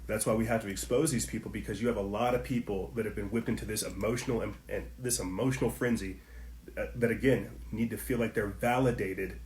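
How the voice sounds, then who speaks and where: A man's voice: fairly low pitch, a little mellow, roomy sound. Heated man preaching on a podcast. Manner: heated, preachy, repetitive, speaks to listeners directly. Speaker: podcast host. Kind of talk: political commentary podcast monologue.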